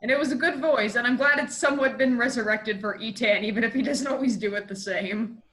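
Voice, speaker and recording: Chatty woman with a slightly high voice. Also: brisk, a bit bright. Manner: chatty, many fillers. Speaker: podcast guest and tabletop player. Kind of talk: casual podcast chat.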